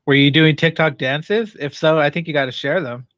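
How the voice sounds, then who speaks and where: A man's voice: on the high side, moderate pace, a bit bright, dry recording. Dull-sounding radio co-host man. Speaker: radio show co-host and producer. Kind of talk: casual radio chat.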